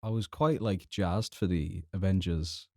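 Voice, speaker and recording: A man co-hosting a podcast, chatting casually in an animated way with slang. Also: deep voice, unhurried, vocal fry, no echo. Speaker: podcast co-host. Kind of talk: casual chat.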